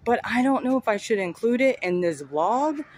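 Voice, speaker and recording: A woman's voice: a little high, lively intonation, moderate pace, slightly rough. A woman vlogger talking straight to her viewers, chatty and rambling, recorded outdoors on a phone. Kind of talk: casual vlog talk to camera. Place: outdoors by a street and train station. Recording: outdoor street noise and passing vehicles.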